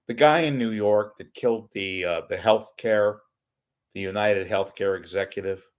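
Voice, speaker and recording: A man hosting a live online talk show, rambling through wisecracking solo commentary that swings between loud outbursts and muttered asides. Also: fairly low pitch, moderate pace, smooth.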